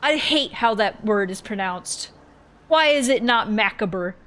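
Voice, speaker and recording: A woman's voice: fairly high pitch, animated, unhurried, a bit bright. Giggly rambling woman streamer. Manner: giggly, rambling, swears freely. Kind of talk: casual chat while playing a game.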